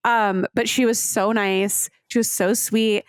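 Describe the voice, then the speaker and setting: A woman co-hosting a podcast tells stories in casual chat, peppering them with lots of "like" fillers. Her mid-range voice is steady, smooth and unhurried, recorded in studio quality with no echo.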